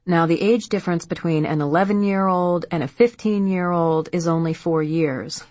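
A woman voicing a stern, blunt male police detective in an audiobook, questioning in a firm, measured way. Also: lowish voice, a little mellow, no room sound, natural voice. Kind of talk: audiobook character voice.

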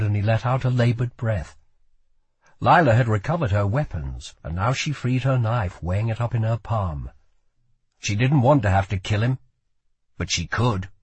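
Husky, slow male audiobook narrator. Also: on the low side, expressive, no echo. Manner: measured, dramatic reading.

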